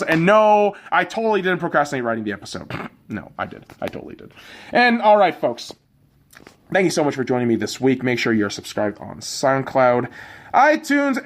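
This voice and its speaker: High-pitched ranting male podcast host. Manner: loud, profane, exasperated ranting.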